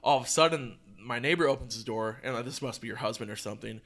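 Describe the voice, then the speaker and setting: A young man hosting a podcast, telling a story in a casual, profane, animated way. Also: mid-range voice, fast. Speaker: podcast host.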